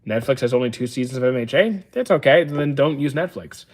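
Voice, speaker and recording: Viewer questions from chat get calm, matter-of-fact answers from this livestream host in his thirties during a casual Q&A. He's dry rather than animated and often pauses with "uh" before responding. His pitch is the ordinary middle range for a man.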